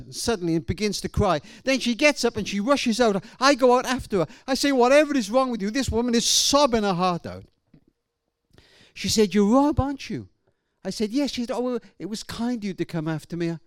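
A man's voice: high-pitched, smooth, dry recording. Middle-aged man preaching. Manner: storytelling, swings from loud to hushed. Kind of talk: sermon. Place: church hall or event venue.

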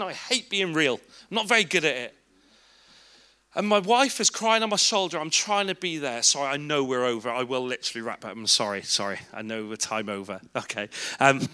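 Bright-voiced English man telling a story. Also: high voice. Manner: informal, candid storytelling with asides to the audience. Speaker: speaker at a church children's ministry event. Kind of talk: personal testimony talk.

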